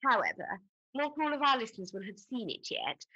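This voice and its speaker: A woman playing a gushing, bright-voiced interviewer. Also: on the high side, sing-song, brisk, breathy edge, muffled recording, exaggerated voice. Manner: effusive, fawning. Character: gushing, flattering female radio interviewer. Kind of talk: comedy sketch interview.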